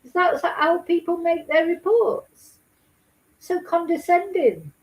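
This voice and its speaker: High-voiced, indignant woman. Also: takes it slowly, poor audio. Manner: indignant and emphatic, repeats herself, swears. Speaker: host. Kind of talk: casual true-crime commentary.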